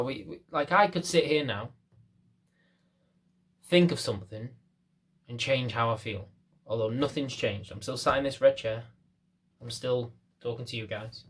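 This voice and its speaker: A man's voice: mid-range voice, fairly bright tone, slightly rough. Man, dog trainer, casual talk to camera, fillers and restarts, seated indoors.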